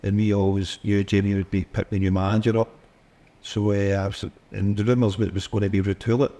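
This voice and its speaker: Scottish man, lowish voice, chatty storyteller, podcast guest, casual. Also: little pitch movement, fast talker, dark tone. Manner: chatty anecdotes with laughs and mimicry. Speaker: former footballer guest.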